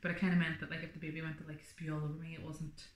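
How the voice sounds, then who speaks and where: A woman's voice: sits low, little pitch movement, very fast, reverberant. A woman vlogger telling her birth story in a chatty, rambling way, full of fillers. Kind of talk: casual birth story vlog.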